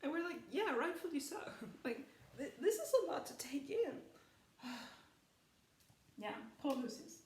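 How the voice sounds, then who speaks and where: A woman's voice: high-pitched, big pitch swings, unhurried, pauses often, a little mellow, recorded from a distance. A woman in casual spoken commentary who rambles with lots of fillers and laughs often. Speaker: film commentary vlogger. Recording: echoey room, voice off-mic.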